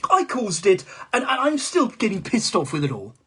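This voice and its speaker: A man's voice: high voice, huge pitch swings, moderate pace, sharp tone, breathy edge, exaggerated voice. A male comedian doing a comic impression of a rambling, foul-mouthed male politician in a live-stream monologue, stammering and swearing as he goes.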